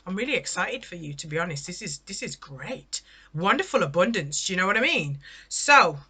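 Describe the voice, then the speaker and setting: A woman's voice: fairly low pitch, very animated, a little fast, bright, forceful tone, slightly rough. A woman giving a casual spoken tarot reading, chatty and exclamatory, often checking in with the listener. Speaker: tarot reader.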